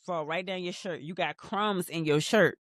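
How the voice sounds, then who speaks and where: A woman's voice: lowish voice, moderate pace, no echo. A woman hosting a casual TV rewatch, recapping scenes in a chatty, slangy way that swears freely and restarts sentences. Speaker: rewatch podcast host.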